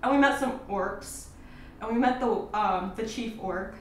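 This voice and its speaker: Giggly high-voiced woman, distant and echoey. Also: unhurried, a bit bright. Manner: giggly, playful storyteller, acts out quotes. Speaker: player. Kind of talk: recapping a tabletop game in character. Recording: very echoey, distant mic, faint noise.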